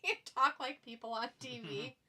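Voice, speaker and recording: A woman's voice: a little high, normal speed, pushed and bright. A woman co-hosting a live stream, chatting casually, teasing and laughing often while reading viewer comments. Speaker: stream co-host.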